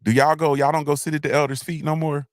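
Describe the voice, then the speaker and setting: A man's voice: on the high side, level tone, fast talker, dry recording, clean studio sound. A man hosting a livestream, talking in a loose, rambling monologue with slangy asides and many restarts. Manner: rambling, repeats himself, frequent restarts, slangy. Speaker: livestream host.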